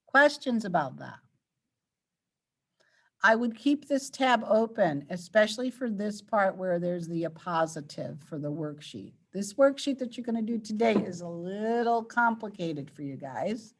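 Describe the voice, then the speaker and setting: A woman's voice: medium pitch, slightly rough. A woman teacher leading an online grammar lesson, patiently quizzing her students and walking them through each answer. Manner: patient, coaxing questions to students.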